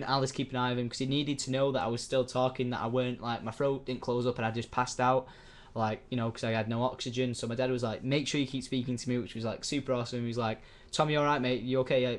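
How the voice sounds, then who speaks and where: Young male vlogger, casual, rambling, sweary storyteller who acts out quoted voices. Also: mid-range voice. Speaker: YouTuber.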